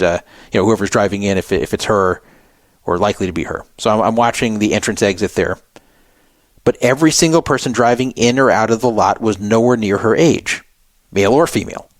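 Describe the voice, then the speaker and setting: A man hosting a radio show, animated as he tells a first-person story and acts out the people he quotes. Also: lowish voice, dry recording.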